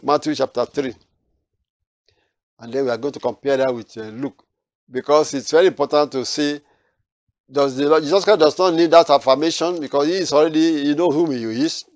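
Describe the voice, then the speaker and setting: A man's voice: mid-range voice, no room sound, studio quality. A man teaching a Bible study, reading verses aloud and then explaining them, with frequent restarts.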